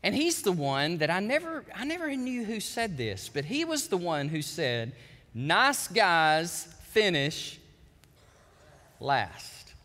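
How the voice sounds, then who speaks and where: A pastor preaches in a large sanctuary, his high voice rising and falling with lively energy. He tells his story animatedly and acts out the voices in it. His bright tone carries a long reverb from the hall. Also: normal speed, few pauses. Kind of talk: sermon.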